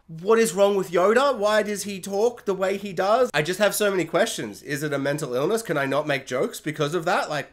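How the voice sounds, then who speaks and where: A young man reviewing a series in a casual, jokey rant, acting out quotes in high, excited voices.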